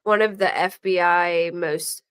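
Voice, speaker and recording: Her voice fairly low, clear and resonant, a middle-aged woman speaks a little slowly as she hosts a true crime talk show. She chats casually and tells stories with animation, acting out the voices of the people she quotes.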